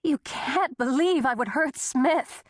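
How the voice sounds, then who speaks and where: A frightened young woman with a tense, breaking voice, as a woman narrator reads her, pleading slowly and earnestly to be believed. The delivery is unhurried and the sound close and dry. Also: sits high, no room sound, voice pushed up. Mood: desperate.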